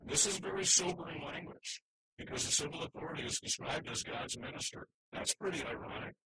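A man's voice: a little high, lively intonation, fairly quick, a loud crowd, poor audio. A man preaching a sermon, earnest and emphatic, with frequent restarts as he works through scripture slides. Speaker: pastor.

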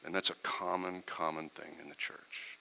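A middle-aged man preaching from the pulpit in a relaxed, conversational way. His voice sits a little low and has a very bright, forceful edge. He drops into quick little acted-out dialogues to make his points. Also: creaky, slight background noise, rough recording. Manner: conversational preaching, acts out quoted exchanges. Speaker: pastor. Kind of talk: sermon.

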